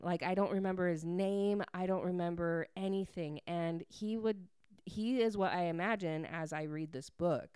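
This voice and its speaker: A woman's voice: lowish voice, darkish tone, clear, resonant tone, no room sound, clean studio sound. A woman casually recapping a book, chatty and gushing, with many fillers. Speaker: book reviewer.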